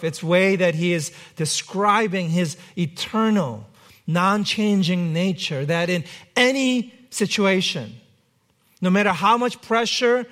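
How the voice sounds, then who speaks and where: Male pastor, high voice, relaxed conversational sermon with dry humor. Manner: conversational preaching with light humor.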